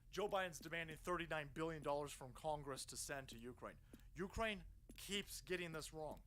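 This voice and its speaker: A man's voice: a little high, a bit bright, a little hiss or hum, poor audio. A man in his thirties streaming a profane political rant, mocking and sarcastic, swearing constantly. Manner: puts on voices to mock people.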